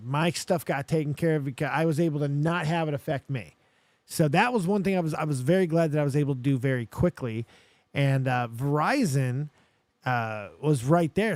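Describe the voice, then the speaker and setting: A young man with a high-pitched voice hosts a live show, telling stories with lots of energy and swearing as he works himself up. The recording is dry and close, with no room echo at all.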